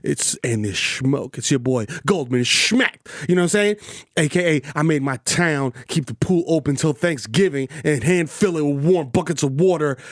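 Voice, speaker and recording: Man, New York accent, podcast co-host, fairly high voice, dry close sound, rapid boastful riffing, profane. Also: no echo. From the Bronx, New York. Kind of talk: casual comedic chat.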